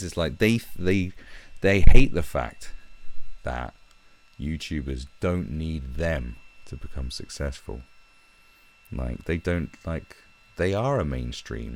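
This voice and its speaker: A man's voice: extremely low pitch, gravelly, slight background noise. A young British man on a live stream, ranting heatedly and swearing as he talks from his own room. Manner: profane, animated, heated.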